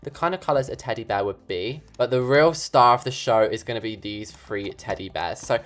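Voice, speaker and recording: A teenager with a British accent giving chatty, excitable gameplay commentary and talking straight to viewers. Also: medium pitch, a little fast. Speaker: gaming video creator.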